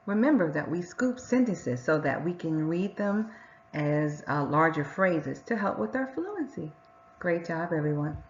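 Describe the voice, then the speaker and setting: A woman teacher talks young children through a reading lesson, slow and unhurried, her pitch lower than most and swinging lively up and down. She sounds out words and stretches each sentence carefully. The recording is a little dull, with a faint hum underneath.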